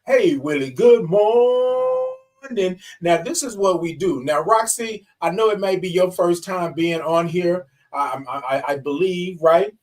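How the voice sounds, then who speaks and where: Guy on a morning livestream, high voice, kinda far from the mic, says y'all and baby a lot. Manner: sings out drawn-out good mornings, calls viewers baby and y'all. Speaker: host of a morning livestream show. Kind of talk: lively livestream greeting viewers.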